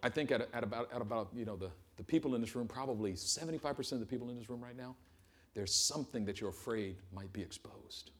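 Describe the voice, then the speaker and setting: A man preaching a sermon to a congregation in a church, telling a Bible story with humor and animated storytelling. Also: mid-range voice, fast. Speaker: pastor. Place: church service before a congregation.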